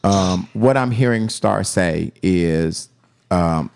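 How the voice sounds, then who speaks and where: Gravelly low man, calming host. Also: takes it slowly. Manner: hesitant, repeats words, calming. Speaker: podcast host. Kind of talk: mediating a podcast argument.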